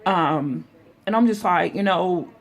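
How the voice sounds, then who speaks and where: A woman's voice: lowish voice, takes it slowly. A young woman telling a story to her viewers, chatty, calling them y'all, full of fillers and restarts. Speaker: vlogger. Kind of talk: casual storytime vlog.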